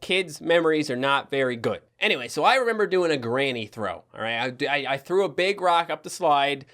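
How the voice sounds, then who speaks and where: A man's voice: fairly high pitch, lively intonation, brisk, a bit bright. A young man in his twenties with a Newfoundland accent, telling a childhood story in a casual, joking commentary with the odd swear. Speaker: YouTuber.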